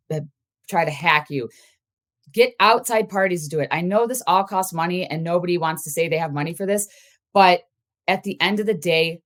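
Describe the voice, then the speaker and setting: Young woman, low voice, blunt, worked up, casual podcast chat. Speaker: podcast co-host.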